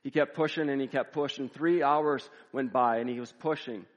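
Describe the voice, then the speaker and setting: A man's voice: medium pitch, fairly even intonation, lo-fi sound. Man preaching a dramatic story in reverberant hall. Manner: dramatic, measured storytelling with repetition. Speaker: pastor. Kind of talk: sermon storytelling.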